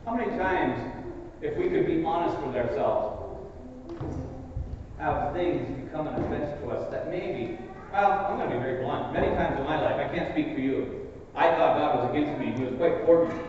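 A man preaching an expository sermon in a church sanctuary, earnest and building to emphatic peaks before dropping to quieter asides. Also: a little high, lively intonation, moderate pace, slight background noise. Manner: earnest, rises to emphatic peaks then drops to soft asides. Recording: distant echoey hall recording, dull.

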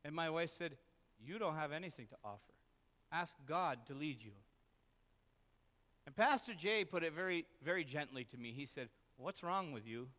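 A male pastor delivers a sermon through a personal story, earnest and self-deprecating. His voice is fairly high and bright. It rings out with a long reverb in a church hall. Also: lively intonation, normal speed.

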